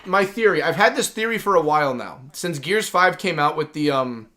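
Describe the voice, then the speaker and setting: A man's voice: fairly high pitch, expressive, normal speed, bright, forceful tone. A man hosting a gaming livestream, chatting casually and enthusiastically, rambling with lots of "like". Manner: rambling and enthusiastic, heavy use of "like". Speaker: livestream host.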